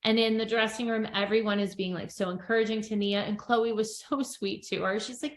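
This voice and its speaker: A woman's voice: medium pitch, brisk, few pauses. A middle-aged woman co-hosting a podcast, chatting casually as she recaps a TV episode and acts out what people said. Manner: chatty storyteller, acts out quotes with animated voices. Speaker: podcast co-host. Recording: echoey room.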